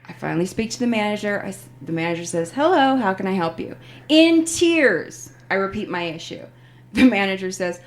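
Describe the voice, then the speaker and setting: Animated woman telling a story. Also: medium pitch, brisk. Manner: animated storyteller, acts out quoted phone reps. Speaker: podcast host. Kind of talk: casual chat.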